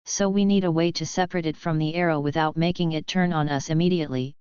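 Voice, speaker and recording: A woman reading the lines of a tense young woman in a storybook audiobook, rattled and quick. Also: sits low, fairly even intonation, darkish tone, clear, resonant tone, no echo, highs cut off, natural voice.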